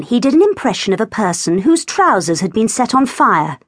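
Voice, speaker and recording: A woman narrating a novel in an expressive, storytelling manner in a studio. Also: on the high side, moderate pace, hardly any pauses, slightly rough, dry recording. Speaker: audiobook narrator. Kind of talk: scripted audiobook narration. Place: recording studio. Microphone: close studio mic.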